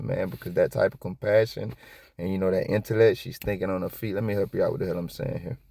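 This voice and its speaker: A man giving casual reaction commentary on a police video, rambling and profane, with sudden high-pitched outbursts. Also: creaky, warm tone, dry recording, studio quality. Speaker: copwatch commentator.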